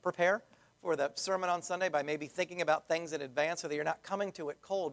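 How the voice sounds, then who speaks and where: A pastor delivers his sermon in a gravelly, creaky voice. He speaks conversationally, restarting phrases and dropping in casual asides as he works through his message. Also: fairly high pitch.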